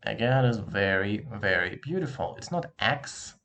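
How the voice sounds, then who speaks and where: A man's voice: on the low side, lively intonation, unhurried, fairly bright tone, slight background noise. A man teaching a language lesson, patiently drilling each sound several times and asking the listener to repeat after him.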